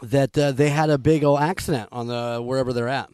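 A man's voice: mid-range voice, steady tone, brisk, darkish tone, smooth, no echo. A man hosting a radio show, chatting casually and rambling with fillers. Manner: rambling, many fillers, laughs. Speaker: radio host.

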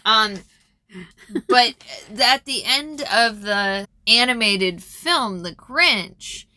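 Bright-voiced chatty woman recapping a film. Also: fairly high pitch, lively intonation, extremely slow. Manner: chatty and rambling, lots of ums. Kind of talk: casual chat retelling a film.

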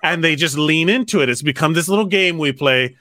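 A man's voice: a little high, a little fast, noisy background. A young man co-hosting a podcast, profane and squeamish, playing up mock disgust. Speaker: podcast co-host. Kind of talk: casual comedic chat.

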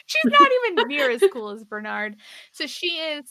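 A woman co-hosting a podcast, recapping a TV episode in casual chat, animated, swearing and laughing often. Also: high-pitched, normal speed, no room sound. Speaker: podcast co-host.

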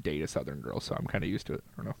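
A man's voice: a bass voice, animated, very fast, vocal fry, darkish tone, slightly rough, dry recording. A man co-hosting a casual chat, teasing and playful, laughing often. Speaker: podcast co-host.

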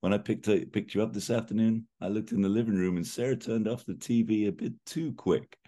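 A man's voice: lowish voice, steady tone, a little fast, warm tone, pitched above the performer's own voice, natural voice. A man reading the lines of a wisecracking male detective who used to play football, in a teasing, jokey way.

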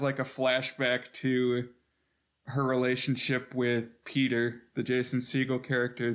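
A man co-hosting a film podcast in a relaxed, casual way. His voice is at an everyday pitch. He reacts with dry amusement. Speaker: podcast co-host.

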